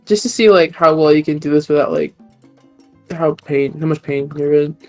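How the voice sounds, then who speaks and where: Low-voiced woman narrating as game master. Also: normal speed, darkish tone, soft background music. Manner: meandering, full of fillers.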